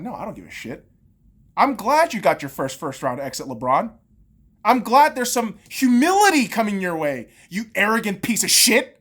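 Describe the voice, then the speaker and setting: A woman's voice: mid-range voice, very animated, normal speed, breathy edge. A woman podcast host, in her thirties, on a heated and profane sports rant full of sarcastic jabs.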